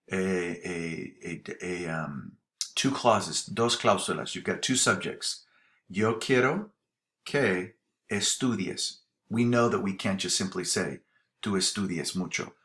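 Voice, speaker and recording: A man's voice: lowish voice, fairly bright tone. A man teaching a grammar tutorial, explaining patiently with spoken examples, recorded close on a desk mic. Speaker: Spanish teacher.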